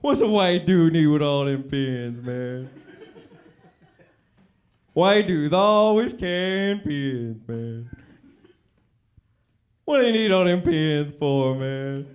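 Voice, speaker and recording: Stand-up man's put-on voice: lower, louder drawl of a first-timer, repetitive. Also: lively intonation, takes it slowly, pauses often. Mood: mock swagger. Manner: repetitive, drawling, ends lines with a low "man". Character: clumsy male comic's overdone impression, first-time open mic. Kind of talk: stand-up bit.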